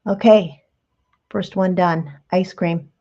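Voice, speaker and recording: A woman's voice: on the low side, fairly even intonation, slow pace, warm tone, muffled recording. A woman hosting a craft tutorial, talking patiently and chattily through each step while she works with her hands. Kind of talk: relaxed step-by-step craft demonstration.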